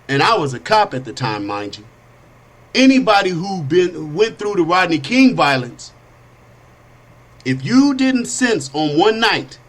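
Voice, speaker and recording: A middle-aged man with a Californian accent, hosting a talk show and telling stories in a lively, animated way that acts out sounds and quotes. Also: fairly high pitch. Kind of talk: casual storytelling monologue.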